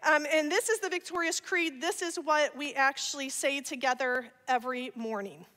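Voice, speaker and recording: A woman giving an energetic church talk, sharing personal testimony with laughter and playful asides. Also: high voice, moderate pace. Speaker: guest speaker. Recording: long church hall reverb.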